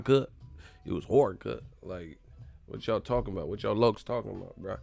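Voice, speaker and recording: A man with a Californian accent hosting a casual live stream, loud and joking, swearing and laughing a lot. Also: fairly low pitch, moderate pace, creaky, dry recording.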